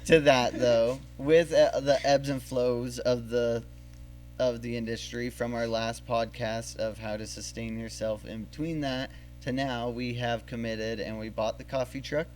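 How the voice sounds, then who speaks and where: A man's voice: medium pitch, fairly even intonation, a little slow, a little mellow, faint music behind. A man hosting a podcast in casual chat, rambling and thinking aloud with fillers. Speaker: podcast host.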